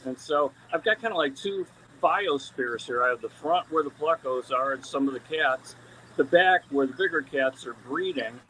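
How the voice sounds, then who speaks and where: The recording is rough, with a little hiss or hum, as a fish breeder chats on a live video call via his camera mic. Touring the aquarium tanks of his indoor fish room, he rambles casually with many ums and restarts, his fairly bright voice on the high side and moving at a moderate pace.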